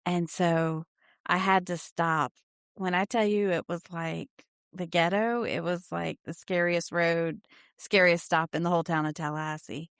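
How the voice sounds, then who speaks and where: A middle-aged woman co-hosting a casual chat, telling lively anecdotes. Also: lowish voice, a little slow, clear, resonant tone, no echo, studio quality. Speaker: podcast co-host.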